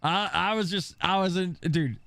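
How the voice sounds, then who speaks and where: A young man streaming and chatting with viewers, telling stories in a profane, animated way and slipping into mocking impressions. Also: sits high, normal speed, vocal fry, dry recording. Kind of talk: casual chat with stream viewers.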